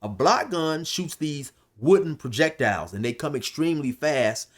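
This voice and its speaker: A man loosely recounts a long story about prison life, rambling, restarting sentences, using fillers, and shouting whenever he quotes someone else. His voice is on the high side and animated, at a moderate pace.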